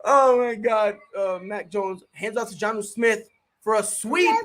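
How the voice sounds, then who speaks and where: A streamer giving casual live play-by-play commentary, slangy and excitable, chatting with viewers between plays. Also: mid-range voice, unhurried, very noisy. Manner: excitable, bursts into shouted reactions and laughter. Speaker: sports streamer.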